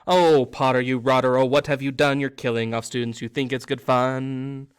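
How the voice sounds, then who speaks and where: Storybook cast: a cackling, mischievous poltergeist, high, loud and taunting. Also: male voice, sing-song, a little fast, dry recording, clean studio sound. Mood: singsong. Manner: taunting, singsong, shrieking.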